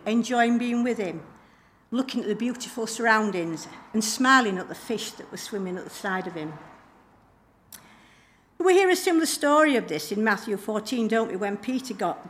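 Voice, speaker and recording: A middle-aged woman delivers a relaxed church message, full of homely asides and small hesitations. Her voice sits at a middling pitch, and she tells the story plainly and warmly, like a talk to her own congregation. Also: normal speed, slight background noise. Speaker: church leader giving a message. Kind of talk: informal recorded sermon.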